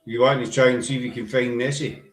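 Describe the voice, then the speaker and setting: A man's voice: medium pitch, level tone, fast, reverberant. A Scottish man hosting a show, chatting casually and rambling a little. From Scotland. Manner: chatty, rambling, uses "aye" and "wee". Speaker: podcast host. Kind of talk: casual chat.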